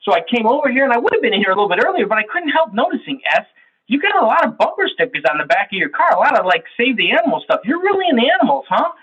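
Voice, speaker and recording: A man's voice: extremely high pitch, big pitch swings, racing, husky, lo-fi sound, voice pushed up, full character voice. A man voicing a chatty, easily distracted coworker who arrives late and rambles apologetically. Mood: rambling.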